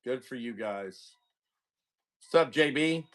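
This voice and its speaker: A man's voice: medium pitch, lively intonation, slow pace, a bit bright. A man hosting a sports card break livestream, chatting casually with viewers and telling a story in a loose, talkative way. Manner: chatty, greets viewers, tells stories with asides.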